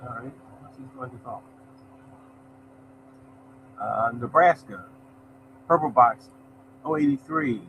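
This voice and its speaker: A man's voice: mid-range voice, slow pace, pauses often, highs cut off, background noise. A man hosting a lottery show, chatting casually as he reads results and greets viewers by name. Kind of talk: casual live-stream chat, reading results.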